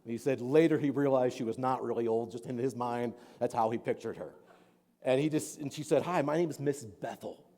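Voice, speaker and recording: Fast-talking pastor in a big hall. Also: male voice, medium pitch, mellow. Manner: earnest, rambling storytelling with many fillers. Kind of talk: storytelling sermon. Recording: long hall reverb.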